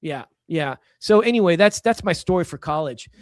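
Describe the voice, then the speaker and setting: Animated, higher-voiced middle-aged man telling a story. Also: normal speed, no echo, clean studio sound. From Los Angeles. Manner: animated, emphatic storyteller with frequent restarts. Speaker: podcast guest. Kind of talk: casual storytelling.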